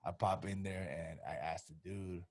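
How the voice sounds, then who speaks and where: Husky laid-back man telling a story. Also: low voice, fairly even intonation, normal speed, a little mellow. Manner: laid-back, swears freely, acts out both sides of stories. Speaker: guest, pro boxer. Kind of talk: casual storytelling chat.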